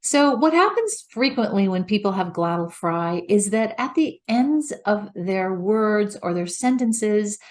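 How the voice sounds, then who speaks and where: A middle-aged woman teaches as a voice coach, explaining each step patiently. She speaks slowly and carefully at a medium pitch, leaving room between her points. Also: lively intonation. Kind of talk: instructional talk.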